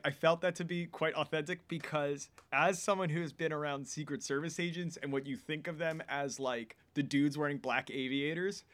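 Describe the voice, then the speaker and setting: This co-host of a casual movie podcast, a man from the United States, rambles through stories and cuts himself off mid-thought while chatting about films. His voice is fairly high and fairly bright.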